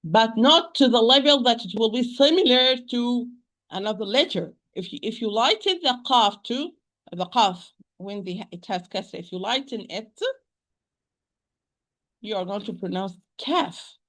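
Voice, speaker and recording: Patient woman teacher for an online recitation lesson; repeats sounds slowly, often restarts mid-sentence. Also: a little high, expressive, a bit bright. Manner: hesitant restarts, addresses listeners as sisters. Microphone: home computer mic on a shaky internet connection.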